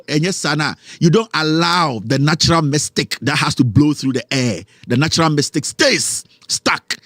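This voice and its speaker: A Ghanaian man hosting a talk show, giving animated, mocking commentary and mixing English with Twi. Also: fairly high pitch, a little fast, few pauses, no room sound, studio quality.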